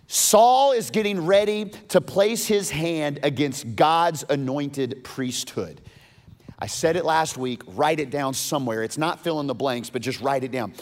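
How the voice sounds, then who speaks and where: A male pastor preaching a sermon, animated and emphatic, often restarting his words. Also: fairly high pitch, a little slow.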